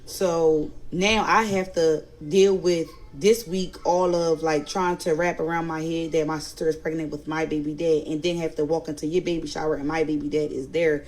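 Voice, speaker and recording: A woman's voice: low voice, steady tone, normal speed, hardly any pauses, darkish tone, rough recording. A woman with a Philadelphia accent telling a family story in a casual storytime, animatedly quoting others and growing indignant. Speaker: storyteller recounting family drama.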